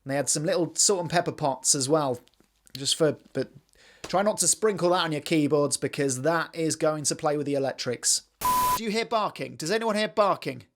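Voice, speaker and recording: A man's voice: on the high side, moderate pace, fairly bright tone, slight background noise. Man doing mock-hyped esports commentary. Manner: mock-hyped, absurd asides. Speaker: comic esports caster. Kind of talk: scripted comedy commentary.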